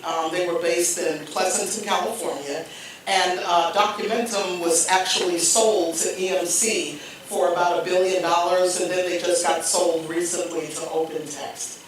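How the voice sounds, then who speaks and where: Animated woman telling a story in an echoey hall. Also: fairly low pitch, slight background noise. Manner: animated storyteller acting out dialogue. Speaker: keynote speaker. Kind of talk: personal story told at a live event. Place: event hall. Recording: echoey hall mic from a distance.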